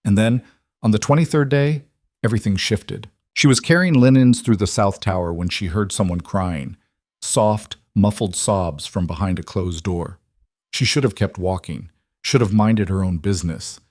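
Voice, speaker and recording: A man giving steady, measured scripted narration of a story. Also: on the low side, no echo, studio quality.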